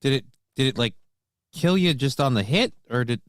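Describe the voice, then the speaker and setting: Brief: male morning-show co-host, mid-pitched, lively inflection, crude one-liners in casual banter. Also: dry recording, clean studio sound. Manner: crude, deadpan jokes and quick interjections.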